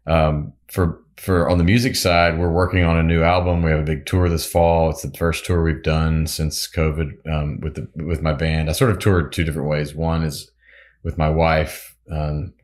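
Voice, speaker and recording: A musician and pilot as an interview guest, telling stories in a rambling, laughing way with many restarts. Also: male voice, very deep voice, flat delivery, moderate pace. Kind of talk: casual storytelling interview.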